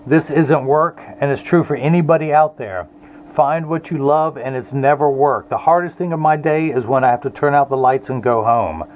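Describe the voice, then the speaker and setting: A man's voice: mid-range voice, normal speed, a little mellow. A middle-aged man, talking earnestly and a bit ramblingly to camera while he makes glasses in his workshop. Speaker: optician and eyewear maker. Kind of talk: casual talk to camera while making glasses. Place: eyewear workshop. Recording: slightly dull audio with faint room noise.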